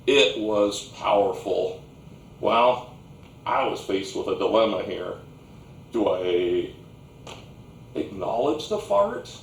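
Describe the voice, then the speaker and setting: A man performing a comic storytelling monologue on a theatre stage, with slow, deliberate delivery. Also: fairly low pitch, slight background noise. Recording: roomy stage sound from a distant mic.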